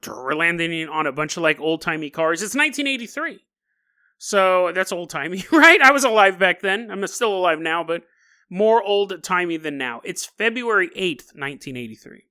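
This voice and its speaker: Bright, animated man telling stories. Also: high voice, normal speed, clear, resonant tone. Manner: animated and jokey, laughs often, asides to the listener. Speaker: podcast host. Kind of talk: comedic storytelling podcast.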